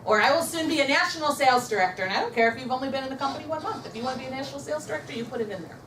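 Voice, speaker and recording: A woman's voice: high-pitched, expressive, racing, echoey room, distant mic, noisy background. A woman leading a motivational sales training session, upbeat and coaching, and having her audience repeat affirmations after her. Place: meeting room with a live audience.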